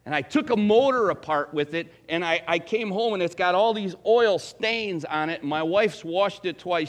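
Folksy high-voiced male preacher. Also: normal speed, few pauses. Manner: conversational preaching, folksy asides and questions to the congregation. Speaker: pastor. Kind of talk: sermon.

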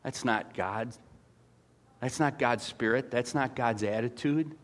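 Animated man preaching a sermon. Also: medium pitch, unhurried. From former dairy farmer. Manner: animated storytelling, swings from soft to loud. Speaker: pastor.

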